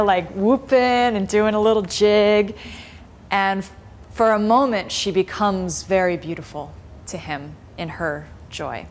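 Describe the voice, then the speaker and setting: A woman teaching a meditation class, retelling a story in a relaxed, conversational way with many fillers. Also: mid-range voice, slight background noise.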